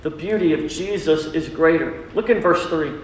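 High-voiced preacher in an echoey hall. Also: male voice, moderate pace, a little hiss or hum. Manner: emphatic preaching with call-and-response questions. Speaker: pastor. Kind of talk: sermon. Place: church sanctuary.

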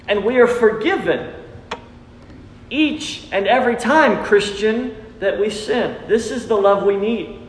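Preaching to his congregation in a church sanctuary, the pastor is earnest and repetitive, calling for responses. His high voice has lively intonation and an unhurried pace, and the roomy hall reverb carries it.

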